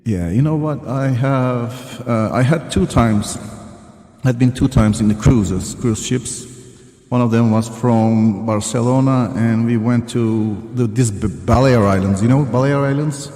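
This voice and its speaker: A man appearing as a guest co-host on a live stream, speaking haltingly and searching for words as he chats. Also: medium pitch, warm tone. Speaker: guest co-host, travel channel creator. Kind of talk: casual live-stream chat. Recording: echoey room with long reverb.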